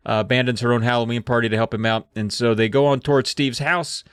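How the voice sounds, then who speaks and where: A man co-hosting a comedy podcast, retelling a story with lively delivery. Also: mid-range voice, fast talker, clean tone, dry recording. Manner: animated, laughing storyteller. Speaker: podcast co-host.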